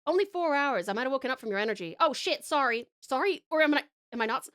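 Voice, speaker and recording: A woman's voice: high voice, lively intonation, fast, a bit bright. A woman streamer from Australia with an Australian accent, chatting with viewers in a casual way, laughing often and trailing off mid-thought. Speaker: streamer and voice actor. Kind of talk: casual chat reading viewer messages.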